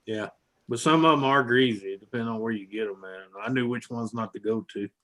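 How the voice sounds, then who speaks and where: Everyday guy, average pitch, salty storyteller who cracks himself up. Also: brisk, a bit bright. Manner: crude, laughing storyteller. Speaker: friend in group call. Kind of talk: casual chat.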